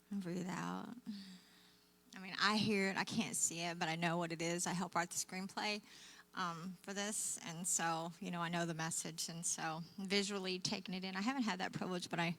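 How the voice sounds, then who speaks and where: Older woman, Southern twang, folksy church talk, bright ringing voice, mid pitch. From Oklahoma, USA. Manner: warm folksy storytelling, frequent laughs and fillers. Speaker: guest speaker. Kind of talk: testimony talk to a church audience.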